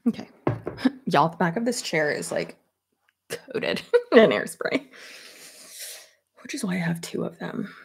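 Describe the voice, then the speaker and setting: Chatty woman with a gravelly voice. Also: fairly low pitch, wildly swooping pitch, unhurried, long pauses. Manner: rambling, chatty, laughs often. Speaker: YouTuber. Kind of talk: casual chat while doing her hair. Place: home office at her desk.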